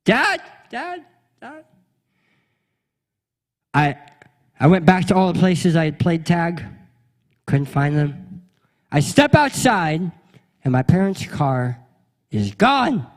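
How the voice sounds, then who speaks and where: A young adult man, a pastor, telling a funny childhood story in an animated way and acting out the voices of the people in it. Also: on the high side, takes it slowly, pauses often, big-room sound. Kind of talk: storytelling sermon.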